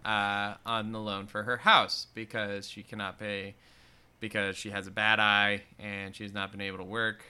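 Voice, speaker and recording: A man co-hosting a casual podcast, retelling a film plot in an animated way and breaking into silly voices for the characters. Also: fairly low pitch, normal speed, clean tone. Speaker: podcast co-host.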